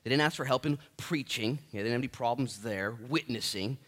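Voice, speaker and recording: A man's voice: medium pitch, fairly quick. A man in his thirties preaching a sermon as pastor, joking and self-deprecating, with many restarts.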